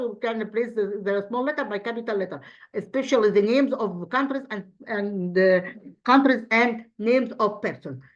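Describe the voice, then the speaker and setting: Speaking at a medium pitch over dull-sounding audio, an Egyptian-accented English teacher works through exam review material step by step. She raises her own questions, answers them, and frequently starts over mid-thought.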